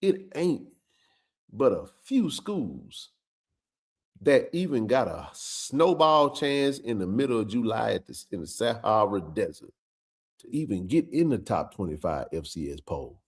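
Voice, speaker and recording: Fiery, animated livestream sports host. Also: male voice, lowish voice, a little slow, husky. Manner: fiery, preachy, colloquial, repeats himself for emphasis. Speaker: host of a college football show.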